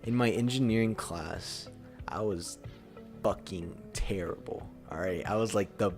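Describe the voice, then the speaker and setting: A man's voice: lowish voice, unhurried, darkish tone, faint music behind. A young man co-hosting a podcast, telling a story in a rambling, casual way with lots of fillers and bursts of laughter. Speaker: podcast co-host.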